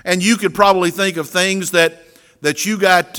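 A man's voice: sits high, fairly even intonation, moderate pace, sharp tone, soft background music. A middle-aged man preaching an earnest sermon as pastor, often repeating words as he restarts his phrases. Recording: long reverb of a large hall.

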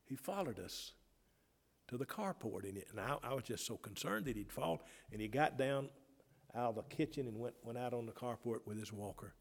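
A man preaching a Baptist sermon, moving between loud fervent calls and quiet, tender storytelling. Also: medium pitch, animated, fairly quick, vocal fry. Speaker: pastor. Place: church sanctuary. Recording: long reverb in a church hall.

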